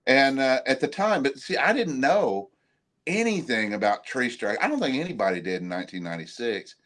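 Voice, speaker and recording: A man from Oklahoma, a guest cryptid investigator, telling stories in a relaxed, rambling way. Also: mid-range voice, a little fast. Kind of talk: casual storytelling.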